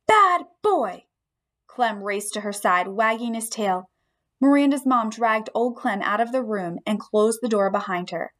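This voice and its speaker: A woman narrating a children's story aloud in the first person, with expressive storytelling. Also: medium pitch, normal speed. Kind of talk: audiobook storytelling.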